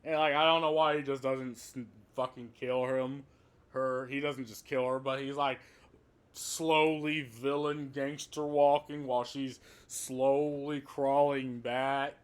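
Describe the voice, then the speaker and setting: A man's voice: medium pitch, flat delivery, unhurried, clear, resonant tone. A man giving a casual, rambling movie review, swearing often and laughing at the plot.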